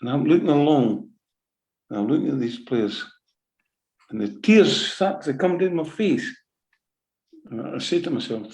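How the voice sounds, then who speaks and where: A man's voice: medium pitch, measured pace, long pauses, rough recording. A middle-aged Scottish man, a football manager, telling an emotional story in an interview, repeating himself and often checking in with "right?". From Scotland. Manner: animated, repetitive, keeps asking "right?".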